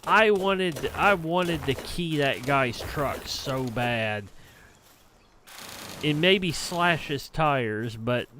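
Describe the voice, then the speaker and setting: A man's voice: mid-range voice, pushed and bright, smooth. A young adult man streamer casually telling a rambling, profane story on a livestream. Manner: rambling, profane, heated anecdote.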